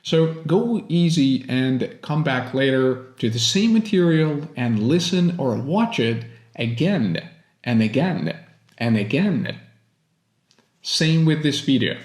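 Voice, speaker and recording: A man's voice: medium pitch, animated, darkish tone, roomy sound. A man from Russia with an American accent, a native Russian speaker, teaching English in an earnest, encouraging monologue. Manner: earnest, encouraging, deliberate phrasing.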